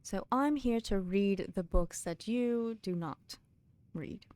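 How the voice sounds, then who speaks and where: A British woman streaming a game live, chatting casually with viewers and reading in-game books aloud, laughing often and dropping into soft mutters. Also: medium pitch, takes it slowly, smooth, no echo.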